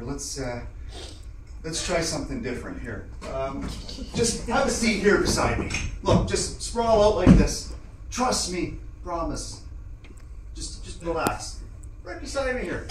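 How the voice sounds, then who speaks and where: A man playing a rambling young private. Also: a little high. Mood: soothing. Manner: rambling, full of uh and restarts. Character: nervous young male private, reassuring. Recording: echoey, distant, noisy.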